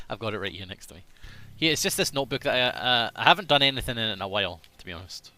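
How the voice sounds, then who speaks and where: A man's voice: fairly low pitch, animated, fast talker, sharp tone, slight background noise. A man chatting casually on a live game stream, rambling, self-deprecating and swearing freely, sometimes muttering to himself.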